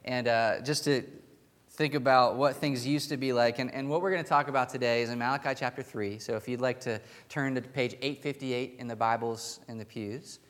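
A pastor speaks at medium pitch in a steady, fairly bright tone and a fairly quick pace. His sermon is conversational, a story full of restarts and chuckles, delivered in a pewed sanctuary where the long church reverb lingers.

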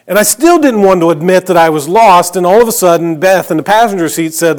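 A middle-aged male pastor preaching a sermon, telling stories in a conversational way and dropping to a hush on key phrases. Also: high voice, animated, fairly quick.

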